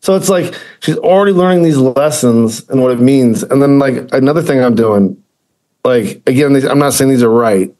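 A man's voice: mid-range voice, normal speed, warm tone. A man co-hosting a podcast, talking in a casual, rambling way with lots of fillers and self-corrections. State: choked up with emotion. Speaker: podcast co-host. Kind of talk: casual chat.

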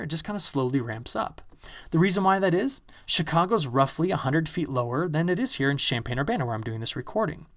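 A man giving a recorded online lecture, telling stories in a lively, animated way. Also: on the high side. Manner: lively storytelling, animated when excited. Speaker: university lecturer. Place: recording space in Champaign-Urbana.

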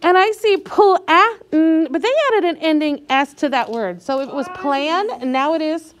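A high-voiced woman teaching young children to read. She speaks slowly and clearly, stretching out words so the children can follow, with a patient classroom manner. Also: lively intonation, a bit bright. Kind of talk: reading lesson for young children.

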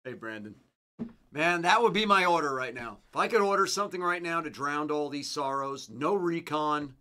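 A man hosting a card break, joking and mournful, swinging from low mutters to loud cravings. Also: animated, moderate pace. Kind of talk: casual live card-break chat.

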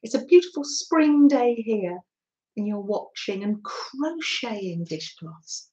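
A woman hosting a crafting live stream, greeting viewers by name in a gentle, chatty way. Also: medium pitch, sing-song, slow pace, lo-fi sound. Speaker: live-stream host, junk journal crafter.

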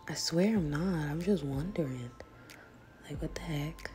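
A woman's voice: low voice, unhurried, warm tone, faint music behind. A young woman vlogger giving casual, slangy commentary on a chat room, laughing often and sometimes dropping to a whisper.

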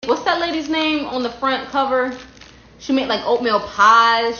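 A woman from the United States in a casual comedic vlog, brash and profane, jumping from loud outbursts to low muttering. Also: moderate pace. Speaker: comedy creator. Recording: echoey room, dull lo-fi sound.

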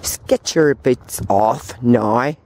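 A woman's voice: extremely low pitch, slow, warm tone, slight background noise, voice pushed down. A woman voicing a blunt, bossy Northern Irish woman with a coarse, scolding way of talking and a Northern Irish accent.

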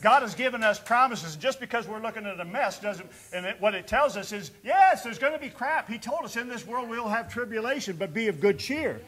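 A man preaching a sermon as pastor in a church, swinging between loud exhortation and quiet storytelling. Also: sits high, expressive, a little fast, few pauses, husky. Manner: preaches with rising bursts and quiet storytelling dips. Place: church sanctuary.

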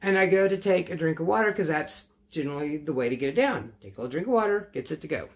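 A man's voice: a little high, expressive, fast, gravelly. A man telling a casual storytime to his vlog audience, rambling and correcting himself as he goes, wry and matter-of-fact. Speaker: vlogger.

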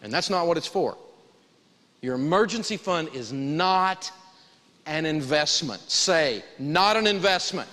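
A man teaching a live personal finance lesson in a folksy, animated way, prompting the audience to answer back. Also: on the high side, measured pace, big-room sound.

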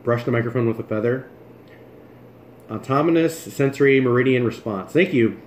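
A jokey man chats his way through a cooking livestream, talking while he moves things around and eats. His voice sits at an ordinary middle pitch. The room rings back around him, with a faint hum in the background. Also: moderate pace, roomy sound. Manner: chatty, jokey, talks while moving and chewing. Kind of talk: casual livestream chat. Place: home kitchen.

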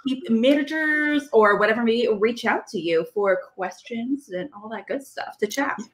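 A woman co-hosting a podcast, upbeat and enthusiastic as she interviews a guest. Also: a little high. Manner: upbeat, enthusiastic, quick wrap-ups. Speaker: podcast co-host. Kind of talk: casual interview chat.

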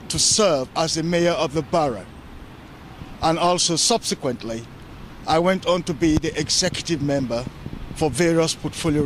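A man from Sierra Leone, a local councillor, answering interview questions in a measured way and repeating words as he finds his phrasing. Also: on the high side, fairly bright tone, a little hiss or hum. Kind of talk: interview answers; opening lines a prepared campaign statement.

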